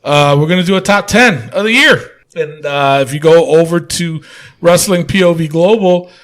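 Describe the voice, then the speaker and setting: A man's voice: a little high, normal speed, a bit bright. A man hosting a casual wrestling podcast, joking around, laughing often and swearing casually. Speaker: podcast host.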